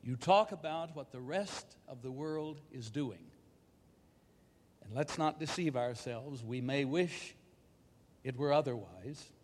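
A man giving a measured, scripted reflective talk with dry wit. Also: medium pitch, long reverb tail.

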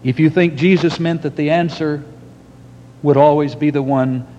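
Male preacher, unhurried dramatic sermon storytelling, higher voice, long hall echo. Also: steady tone, warm tone. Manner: slow and dramatic, long pauses. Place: church hall with audience. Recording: long hall reverb, dull lo-fi, faint rumble.

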